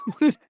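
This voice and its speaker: A British woman co-hosting a casual podcast chat, easygoing and laughing often. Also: noisy background. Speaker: podcast co-host.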